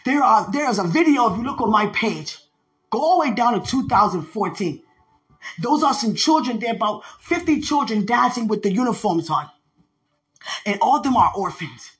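Podcast evangelist, animated swooping delivery, excitable, quick laughs and street slang. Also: mid-range voice. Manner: excitable, laughs often, repeats phrases; uses slang and street talk. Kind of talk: excited preaching testimony.

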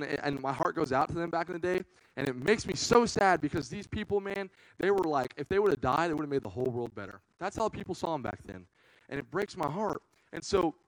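A young man delivering an earnest youth sermon in a relaxed, conversational way, filling his sentences with "man" and "right?". His voice sits a little high for a man, and the sound is close and dry. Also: dry recording, poor audio. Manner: casual, earnest, says "man" often. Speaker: youth ministry preacher.

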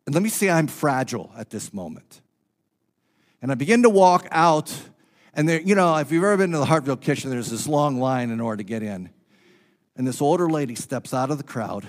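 A male pastor preaching a sermon through a personal story, swinging between loud and hushed and repeating phrases for emphasis. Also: mid-range voice, expressive, brisk.

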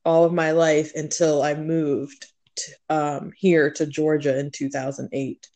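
A woman co-hosting a podcast, chatting casually, laughing easily and speaking in a measured way about herself. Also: low voice, little pitch movement, dark tone. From grew up in Virginia, born abroad to a military family. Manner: laughs easily, measured when telling her story. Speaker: podcast co-host.

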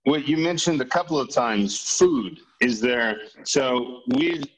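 A man hosting an interview, asking questions in a relaxed, conversational way. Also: medium pitch, slow, slight background noise, low-quality recording. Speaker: interview host.

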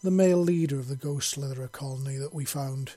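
A man reading an audiobook, voicing a steady male clan patriarch who speaks in a measured, persuasive way. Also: mid-range voice, close to an everyday voice.

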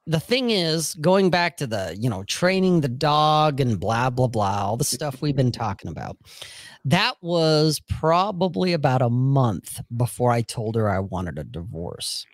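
A man's voice: mid-range voice, very animated, measured pace, no echo. A man telling a personal story in casual podcast chat, blunt and profane, often checking in with "okay?".

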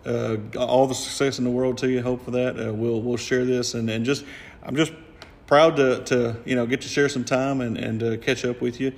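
A man's voice: mid-range voice, little pitch movement, moderate pace. Male podcast host, fifties, rambling and jokey, reverberant room. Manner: jokey, rambling, many restarts. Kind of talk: casual podcast chat. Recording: roomy reverb.

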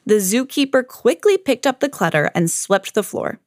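A woman hosting a children's read-along podcast, reading a picture book aloud in a clear, gentle storytelling manner. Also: on the high side, lively intonation, normal speed, few pauses, no echo, studio quality.

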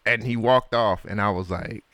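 A man's voice: on the low side, moderate pace, a bit bright, no room sound. A young man, chatting casually and profanely as a podcast co-host, telling stories and laughing often. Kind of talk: casual chat.

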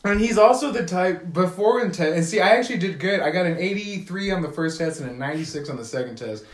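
A young man on a podcast, swearing freely and acting out the people in his story as he tells it. His voice sits a touch high for a man. The recording has a noticeable room echo. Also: fast talker. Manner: profane, animated storytelling with mimicked quotes. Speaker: podcast co-host. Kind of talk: casual podcast chat. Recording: echoey room.

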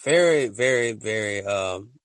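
A man hosting a casual solo podcast, rambling and excitable, full of slang and often laughing at his own stories. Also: lowish voice, measured pace. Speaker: podcast host.

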